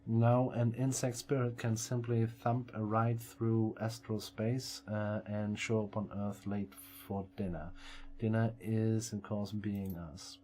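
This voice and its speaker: A man voicing a sly, lecturing male elf mage, reading the lines slowly in a plain low voice. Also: flat delivery, warm tone.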